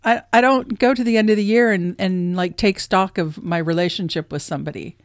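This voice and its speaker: A woman's voice: mid-range voice, steady tone, brisk, dry recording, studio quality. A woman co-hosting a casual podcast chat, laughing often and reading tips aloud from an article. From Southern California. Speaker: podcast co-host.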